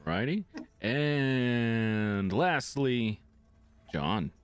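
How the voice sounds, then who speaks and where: A man's voice: medium pitch, animated, extremely slow, smooth. A man hosting a live tabletop game stream as game master, upbeat and laughing as he introduces his players.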